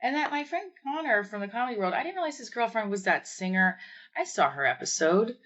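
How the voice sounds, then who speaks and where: A woman's voice: fairly high pitch, expressive, brisk, a bit bright, lo-fi sound. A woman from New Jersey with a New Jersey accent, chatting casually and rambling with lots of fillers as she hosts a livestream from home on her phone. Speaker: livestream host. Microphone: phone camera.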